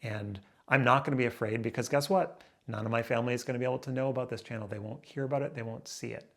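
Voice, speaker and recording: A man in his late thirties ranting to camera in a raw, emotional vlog, angry and swearing, stumbling over restarts and swinging between loud outbursts and low muttering. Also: fairly even intonation, fast talker. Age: 30s. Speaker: vlogger.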